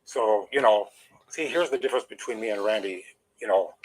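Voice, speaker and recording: A man's voice: on the low side, brisk, background noise. An older man, an interview guest, telling a long personal story in an emphatic, aggrieved way while holding back emotion.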